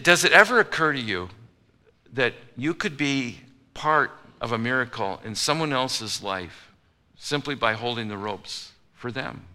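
Male pastor, casual humorous sermon delivery, very bright ringing tone. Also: mid-range voice. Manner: conversational, humorous, acts out quoted voices. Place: church auditorium.

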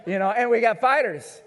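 A male pastor preaching a sermon to his congregation in a conversational way, calling out to the listeners and acting out the people he quotes. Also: sits high. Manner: animated, acts out the people he quotes. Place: church service before a congregation.

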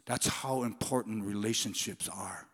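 A male pastor preaching in a church sanctuary, animated and conversational, moving from loud declarations to near-whispers. His voice is bright and forceful, and a long reverb from the hall trails after each phrase. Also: on the low side, measured pace. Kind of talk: sermon.

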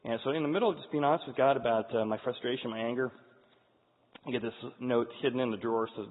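A man's voice: medium pitch, fairly even intonation, quick pace. A man in his forties speaks to an audience, telling an earnest personal story with frequent restarts. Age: 40s. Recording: tinny, echoey hall sound.

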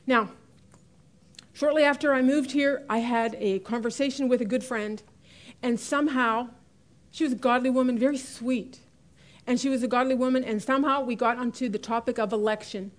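High-voiced woman teaching Bible class. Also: steady tone, moderate pace. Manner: chatty, laughs often, stresses key words. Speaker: women's Bible study teacher.

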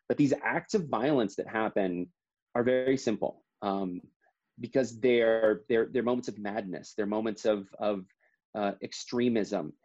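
A talkative man recounting how a line was written, restarting sentences often. His pitch sits in an ordinary middle range. The audio is somewhat dull and lo-fi. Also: a little mellow. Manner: chatty, many restarts and acted-out quotes. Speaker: comic book co-author. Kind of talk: casual interview conversation.

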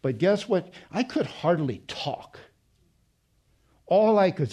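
A male pastor preaching a passionate sermon, dropping from loud emphasis to hushed, quiet storytelling. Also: high voice, very animated, slow pace, long pauses, husky.

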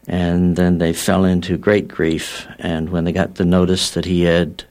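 Low-voiced man, guest on a talk show, storytelling with acted quotes and many fillers. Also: flat delivery, a little mellow. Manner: measured and explanatory. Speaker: guest healer. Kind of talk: explaining a healing theory on a talk show.

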